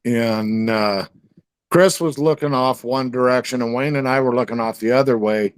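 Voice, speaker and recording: A man's voice: mid-range voice, normal speed, smooth, no echo. Guy rambling through a story, lots of you-knows and restarts, dry close sound. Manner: rambling, many fillers and restarts. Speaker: guest. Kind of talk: storytelling in casual conversation.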